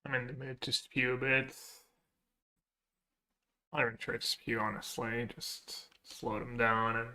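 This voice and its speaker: Bright-voiced man muttering through card plays. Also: mid-range voice, flat delivery, unhurried, pauses often. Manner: thinking aloud, muttering plays to himself. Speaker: card game streamer. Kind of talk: casual stream commentary while playing.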